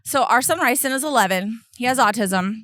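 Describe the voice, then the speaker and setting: A woman's voice: on the high side, brisk, no room sound. A woman in her forties telling a family travel story in casual chat, acting out what her family said. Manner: animated storyteller who acts out family members' lines.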